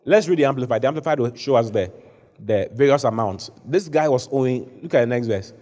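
A man preaching a sermon to a congregation in a large church hall, animated, at times shouting. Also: medium pitch, brisk. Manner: animated preaching, rising to shouts when acting out the story. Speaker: bishop preaching.

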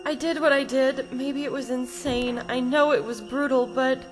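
A woman's voice: high voice, fairly even intonation, moderate pace, lightly acted. An actress playing a desperate mother who fights to get her lost son back. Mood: remorseful. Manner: frantic pleading, then quiet confessional. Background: music score.

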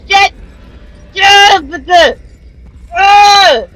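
Young female streamer, very high voice, unhurried delivery, jumpy and profane during gameplay. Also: soft background music, poor audio. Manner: excitable, cursing, yelling at the game; laughs nervously between jumps. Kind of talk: live gameplay commentary.

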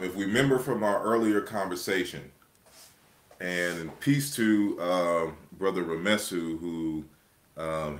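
Male lecturer, low voice, unhurried delivery, explains slides step by step with many pauses. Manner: measured, explanatory, with frequent pauses and restarts. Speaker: lecturer presenting his book.

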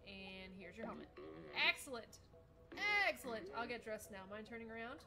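Over music, a young woman streamer chats casually through live gameplay commentary, reading chat aloud and swearing a lot. Her voice is medium in pitch and steady in tone, and she talks at a quick pace.

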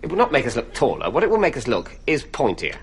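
A man's voice: mid-range voice, wildly swooping pitch, fast, vocal fry, noisy background. A man playing a pompous male Southern US club leader with a Southern US accent in sketch comedy. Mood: indignant. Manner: indignant, pompous.

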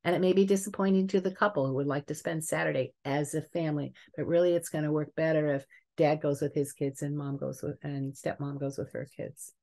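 Low-voiced woman teaching with stories. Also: brisk. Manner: lively storytelling, chuckles at examples. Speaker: family psychologist teaching a webinar. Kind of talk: webinar lecture with case stories.

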